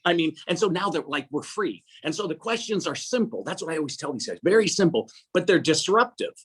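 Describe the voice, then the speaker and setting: A middle-aged man, an interview guest, tells a story in an animated, earnest way, acting out dialogue and often repeating "I said.". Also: on the high side, a little fast, husky. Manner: earnest, preacher-like. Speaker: guest speaker.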